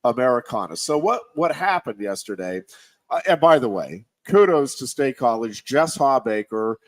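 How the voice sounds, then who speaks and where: A man in his thirties hosts a casual sports radio chat, drifting through a story with lots of false starts and second tries. His voice sits at an ordinary middle pitch. The sound is dry and close. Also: big pitch swings, moderate pace, no echo. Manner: rambling, reflective storyteller with many restarts. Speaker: radio show host and high school sports announcer.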